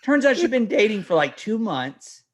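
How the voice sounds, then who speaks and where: A man's voice: high voice, sing-song, normal speed. A middle-aged man hosting a podcast, telling a family story in casual chat and acting out the dialogue. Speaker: podcast host.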